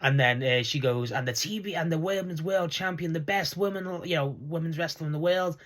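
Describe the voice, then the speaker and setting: An excitable young man with a somewhat high voice chats casually through a wrestling recap. He rambles, restarts his sentences and breaks into laughter often. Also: a little fast. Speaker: wrestling show reviewer.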